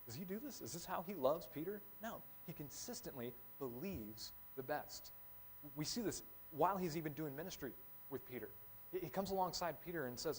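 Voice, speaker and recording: A male pastor preaching a casual, conversational sermon, acting out short quotes in lively voices. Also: fairly high pitch, fairly quick, slight background noise, low-quality recording.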